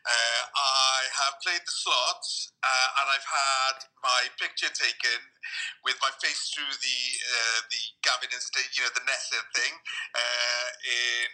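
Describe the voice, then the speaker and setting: A man's voice: medium pitch, steady tone, unhurried, pushed and bright, low-quality recording. A man with a Welsh accent, a radio presenter chatting as a podcast guest in a jokey, rambling way, dropping names. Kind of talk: casual podcast chat.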